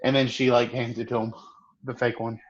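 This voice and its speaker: A man's voice: mid-range voice, little pitch movement, a little fast, highs cut off. A man playing a tabletop role-playing game, casual, stammering and swearing often. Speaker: player.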